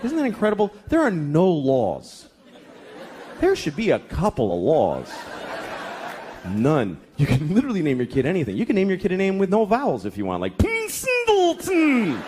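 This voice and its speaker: A man's voice: fairly high pitch, wildly swooping pitch, normal speed. A man in his thirties doing a stand-up set, exasperated and profane, dropping into mocking voices. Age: 30s. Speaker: stand-up comedian. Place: comedy club stage. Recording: live club recording with loud crowd laughter and noise.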